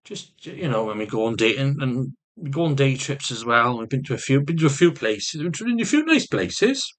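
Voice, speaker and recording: A man's voice: mid-range voice, big pitch swings, normal speed. A man vlogging with rambling personal storytelling, swearing constantly and restarting often.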